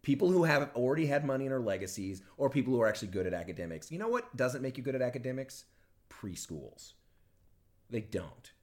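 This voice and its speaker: A middle-aged man co-hosting a laid-back podcast, talking in a loose, rambling way. He starts over often, fills with "like," and warms up into heated opinions. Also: medium pitch, very animated, quick pace. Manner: rambling, many restarts and likes, gets heated. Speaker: podcast co-host. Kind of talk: casual chat.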